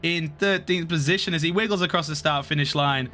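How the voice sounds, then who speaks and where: A man commentates an online race in a bright, slightly raised voice. He calls positions briskly and jumps at any sign of chaos. Soft music plays underneath. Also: a little high. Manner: excitable, calls positions quickly. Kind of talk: sim racing commentary.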